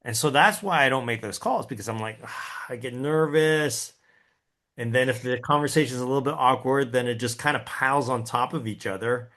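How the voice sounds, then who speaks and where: Man teaching a lead-generation class. Animated, folksy, mid-range voice, acts out quotes and checks in with the room. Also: medium pitch, a little fast. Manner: animated, acts out his own inner voice and quotes; folksy, addresses the audience with tag questions. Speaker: real estate sales coach. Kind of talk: lively class talk.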